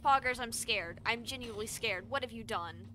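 A young woman streaming a game, reacting out loud with casual swearing and bursts of dramatic pleading. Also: on the high side, normal speed, a little hiss or hum. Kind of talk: casual live game commentary. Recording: faint game music behind.

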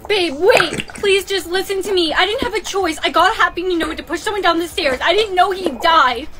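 A text-to-speech voice of a woman playing a panicky young woman caught in a deadly lyric game, spoken flatly over a skit. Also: extremely high pitch, fairly quick, a crowd in the background. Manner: flat synthetic text-to-speech delivery. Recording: loud background noise.

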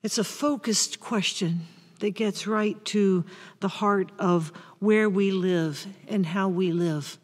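A woman pastor preaching a sermon in a reflective, deliberate way, with bursts of rising intensity. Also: medium pitch, long reverb tail.

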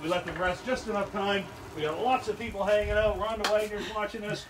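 A man's voice: high voice, fairly even intonation, brisk, noisy background. A man hosting a casual cooking livestream from his backyard, upbeat and jokey, chatting with viewers as he cooks. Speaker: grill show host. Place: backyard grilling area, outdoors.

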